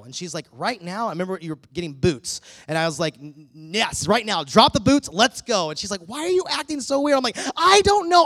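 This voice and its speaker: A man preaching a sermon, telling a story with lively acted-out dialogue, a middle-aged pastor. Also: sits high, no room sound, studio quality.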